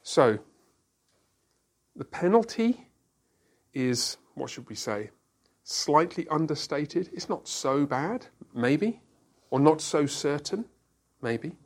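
A man with a fairly high-pitched voice runs a Bible study, questioning the group and breaking each point down step by step through everyday illustrations.

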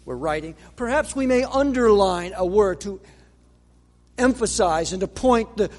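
Slow, measured high-voiced male preacher. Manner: measured, dramatic pauses, rhetorical questions. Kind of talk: sermon. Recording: long reverb of a large hall.

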